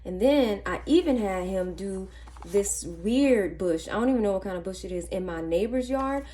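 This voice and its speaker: A woman vlogging casually, telling a chatty, animated story and counting money softly under her breath. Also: medium pitch, moderate pace. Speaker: budgeting vlogger. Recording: faint background noise and clicks.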